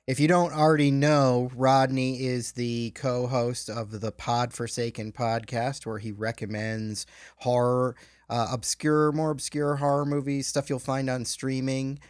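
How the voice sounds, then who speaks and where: A man's voice: medium pitch, unhurried, clean tone, no room sound, clean studio sound. A middle-aged man hosting a film podcast, reading a polished intro, then chatting casually. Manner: reads a polished intro, then relaxed banter. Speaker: podcast host.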